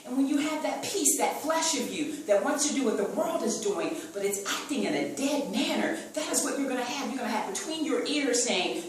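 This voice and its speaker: Female preacher, animated and repetitive, mic set back, faint hiss behind her. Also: fairly high pitch, a little fast, few pauses. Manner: animated, repeats phrases, acts out sounds and quotes. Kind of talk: sermon. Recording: echoey room from far off with faint noise.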